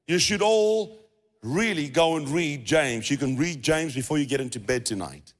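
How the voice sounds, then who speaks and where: A pastor with a South African English accent preaches a sermon in a church hall with long reverb. His voice is a little high, expressive, and at normal speed, and his conversational style includes restarts and repeated phrases.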